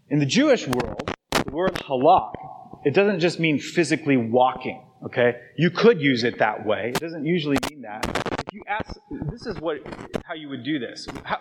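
A pastor with a voice on the high side preaches to his congregation in a church sanctuary, recorded live in a hall with long reverb and a noisy background. His manner is conversational, and he keeps checking in with "okay?" and "right?".

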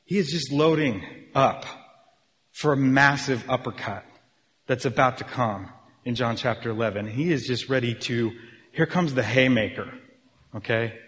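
Animated male preacher in a reverberant hall. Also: mid-range voice, normal speed. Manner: animated, acts out reactions of listeners. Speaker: pastor. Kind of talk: sermon.

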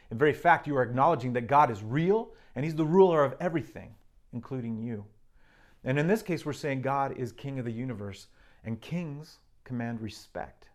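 A man preaching a sermon, earnestly reading and explaining scripture with emphasis. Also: mid-range voice.

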